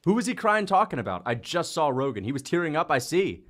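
A man's voice: on the high side, quick pace. A young man hosting a fight-reaction livestream, chatting loosely, swearing and reading out viewer donations. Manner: loose, swears often, excitable outbursts.

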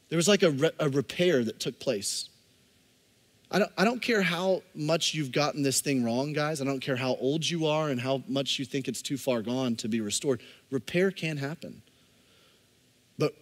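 A man in his thirties preaching a sermon as pastor, swinging from loud, emphatic lines to soft, close asides. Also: medium pitch, big-room sound. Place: church sanctuary.

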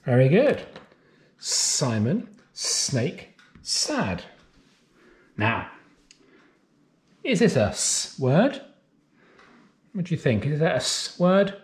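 Stretching every letter sound out very slowly, a man teaches young children phonics. His lively pitch rises and falls in a sing-song pattern with the patient rhythm of a nursery teacher addressing little ones, recorded in a classroom or home for remote learning.

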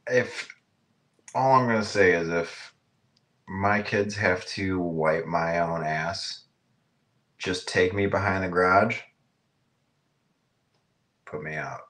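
A carpenter guest on a casual podcast, with a very deep voice. He speaks slowly and reflectively, padding his thoughts with fillers. Now and then he drops a crude joke. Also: a bit bright. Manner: slow, reflective, with fillers and profane humor.

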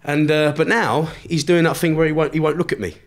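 A man's voice: fairly high pitch, steady tone, fairly quick. A man telling a long story as a podcast guest, swearing constantly and laughing as he goes. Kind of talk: storytelling in casual chat.

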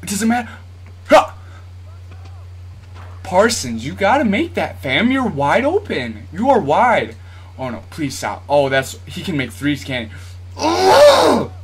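An excitable man commentates his own basketball video game, his somewhat high voice leaping up and down in lively swings. He talks directly to his viewers, lurching from sudden yelps to nervous muttering under his breath. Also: a little slow, long pauses, background noise. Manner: talks straight to viewers, asks for likes. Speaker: YouTube gamer.

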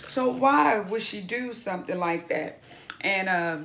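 Bright-voiced woman recapping a show. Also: mid-range voice, animated, measured pace, gravelly, a little hiss or hum. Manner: chatty, blunt and profane, acts out what the cast said. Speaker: YouTube reality-TV recapper.

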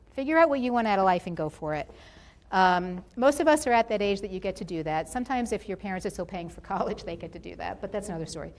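A woman giving a motivational talk on campus, telling stories and acting out the people she quotes in livelier voices. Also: medium pitch. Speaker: guest speaker.

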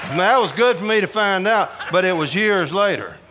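Bright-voiced preacher telling stories. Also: male voice, sits high, moderate pace, a faint crowd, a little hiss or hum. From Georgia, US. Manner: folksy, animated, acts out voices in his stories. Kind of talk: humorous storytelling sermon. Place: prison hall, with an audience.

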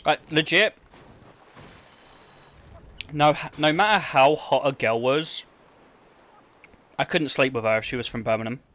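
A man's voice: medium pitch, a little slow, long pauses, fairly bright tone. A man with an Essex accent giving blunt, casual commentary to his chat while he plays. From England. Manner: blunt, swearing banter with chat. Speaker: gaming streamer. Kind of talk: casual live-stream commentary.

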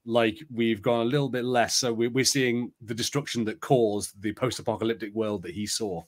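A man's voice: medium pitch, steady tone, normal speed. A man hosting a live play-along stream, chatty and rambling, reading an adventure book aloud. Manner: chatty, rambling, many fillers.

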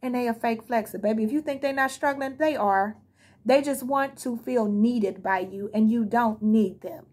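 Husky, blunt woman reading tarot. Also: fairly high pitch, moderate pace, a little mellow. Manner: blunt, profane, heated, speaks straight to viewers. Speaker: tarot reader. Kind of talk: casual tarot card reading to camera.

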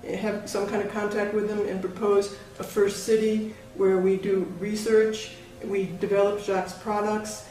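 A man's voice: high-pitched, flat delivery, unhurried, few pauses, a little mellow. A man speaking casually in a hesitant, thoughtful way, often correcting himself mid-sentence. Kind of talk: casual conversation. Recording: very echoey room, distant mic, music behind.

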